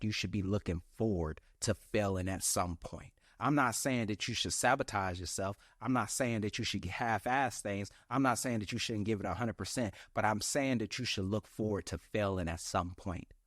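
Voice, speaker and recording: Animated young man preaching self-help. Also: lowish voice, no room sound, clean studio sound. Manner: animated, preachy, slangy, acts out his inner voice. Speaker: podcast host. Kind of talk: motivational solo podcast talk.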